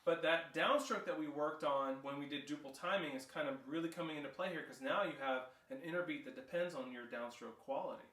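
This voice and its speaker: A man's voice: on the high side, fairly quick, hardly any pauses, slight background noise. A male drumline instructor explaining snare rudiments and counting rhythms aloud between demonstrations. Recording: roomy echo, distant mic, loud clatter.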